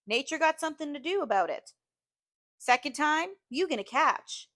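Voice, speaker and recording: A woman's voice: high-pitched, lively intonation, moderate pace, fairly bright tone, voice pushed up. A woman voicing a blunt middle-aged Southern housemaid, firm and plainspoken. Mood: firm reassurance.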